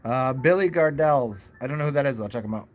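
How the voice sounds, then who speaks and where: A man hosting his own channel, talking through thoughts in a loose live chat, halting with fillers and restarts and tossing in goofy self-mocking asides. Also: mid-range voice, lively intonation. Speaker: channel host. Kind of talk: rambling live chat with viewers.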